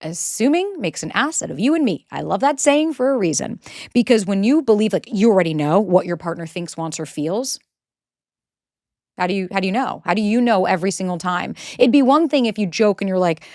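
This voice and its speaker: A woman's voice: mid-range voice, a little fast, a little mellow. A woman in her thirties talks straight to the listener about relationships in a casual, unfiltered way. She is blunt and sarcastic and swears often. The sound is close and dry, with no room echo. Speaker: relationship coach. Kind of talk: casual advice monologue.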